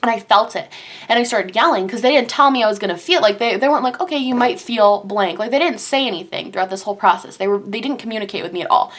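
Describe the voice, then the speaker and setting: A woman's voice: mid-range voice, very fast, fairly bright tone. Dramatic young woman telling a storytime. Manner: dramatic, breathless retelling, heavy use of "like". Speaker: vlogger. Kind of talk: storytime vlog.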